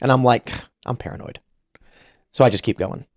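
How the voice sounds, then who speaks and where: A man's voice: medium pitch, fast, no room sound, clean studio sound. A man in his thirties hosting a podcast, telling a story casually and animatedly, acting out the voices he quotes. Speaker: podcast host.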